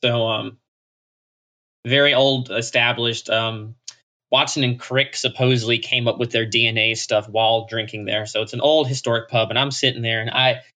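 A man from Texas, a podcast guest telling stories with animated, self-mocking humor. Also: medium pitch, moderate pace. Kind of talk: casual chat.

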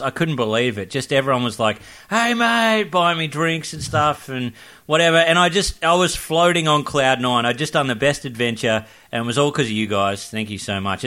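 Male comedian guest, mid pitch, rambling and giggling through anecdotes. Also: bright, forceful tone. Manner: rambling, laughing, stumbling restarts. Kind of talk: casual comedy podcast chat.

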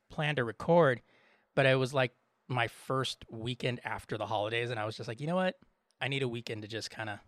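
A man co-hosting a podcast in casual chat, relaxed, laughing often and swearing freely. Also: mid-range voice, no echo, studio quality. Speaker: podcast co-host.

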